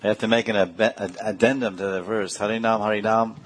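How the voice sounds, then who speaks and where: A man's voice: fairly low pitch, fairly even intonation, a little fast, a little hiss or hum. A middle-aged man giving a devotional lecture, reciting Sanskrit verses and explaining them with a laugh now and then. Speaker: spiritual teacher.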